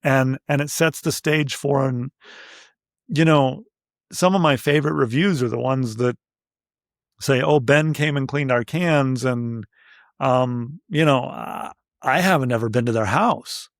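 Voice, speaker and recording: Male business owner, mid-pitched, reflective casual talker, dry sound. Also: no room sound. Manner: reflective, halting, frequent fillers. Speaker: business owner, podcast guest. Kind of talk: casual conversation.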